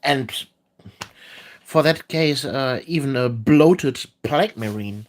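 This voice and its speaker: A woman chatting casually on a livestream while painting miniatures, hesitant and full of filler pauses. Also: a bass voice.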